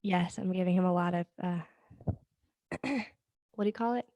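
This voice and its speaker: A woman's voice: on the low side, normal speed, warm tone, no echo, clean studio sound. A woman with a Southern Georgia accent chatting casually and a little self-consciously as podcast co-host.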